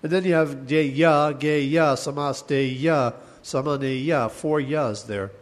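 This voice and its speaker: Halting male teacher chanting verses. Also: a little high, fairly even intonation. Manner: halting, thinks aloud, chants verses slowly. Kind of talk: class lecture on Sanskrit poetics.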